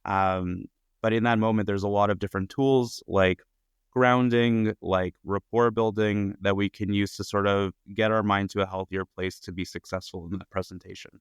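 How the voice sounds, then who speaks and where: A man hosts a podcast in a very low voice that stays flat and steady. He affirms his guest and asks measured questions. His voice is smooth and close, with a dry sound. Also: no echo. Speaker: podcast host. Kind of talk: podcast interview.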